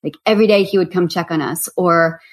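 Lively, low-voiced woman author. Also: a little fast. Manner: animated storyteller. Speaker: author guest. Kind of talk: casual interview chat.

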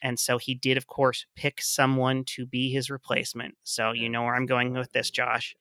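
A man hosting a comedy podcast, moving into the sponsor segment with a deadpan delivery. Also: medium pitch, normal speed, clear, resonant tone, dry recording, clean studio sound. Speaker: podcast host. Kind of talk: casual podcast chat.

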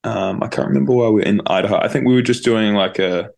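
A man's voice: lowish voice, fast, gravelly, a little mellow. A young man in his twenties with a New Zealand accent, a guest telling a story casually over a video call and peppering it with "like". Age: 20s. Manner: rambling, heavy use of "like". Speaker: guest musician.

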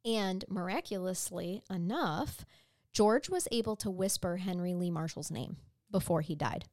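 A woman's voice: fairly low pitch, expressive, measured pace, a little mellow, no echo, clean studio sound. A woman co-hosting a true crime podcast, telling the case in a chatty, wry way with sarcastic asides. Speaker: podcast co-host.

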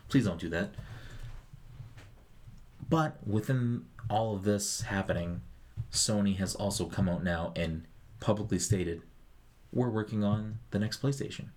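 A man's voice: on the low side, unhurried, long pauses, a little mellow. A man co-hosting a casual gaming podcast, joking and swearing as he rambles through his thoughts. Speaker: podcast co-host.

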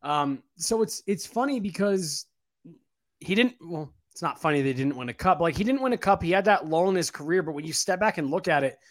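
A man's voice: on the high side, lively intonation, fairly quick. A man co-hosting a casual sports podcast, talking in a rambling way with a numb mouth after dental work. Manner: rambling, many fillers and restarts, casual swearing. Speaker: podcast co-host and writer.

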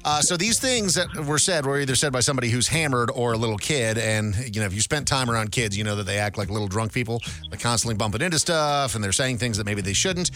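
A man hosting a casual comedy podcast, chatting quickly and running a game segment. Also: medium pitch, animated, a bit bright, soft background music. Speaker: host.

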